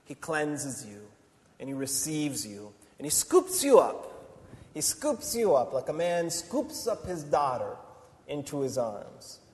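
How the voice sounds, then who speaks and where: A man preaching a sermon with passion, shifting between loud, emphatic declarations and soft, intimate appeals to the congregation. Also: on the high side, big pitch swings, takes it slowly. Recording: long reverb of a large hall.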